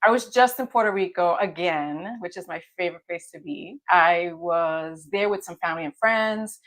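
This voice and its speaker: A woman's voice: lowish voice, normal speed, fairly bright tone. A middle-aged woman from the Bronx, a guest travel expert chatting casually and laughing easily. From the Bronx, New York. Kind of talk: casual interview chat.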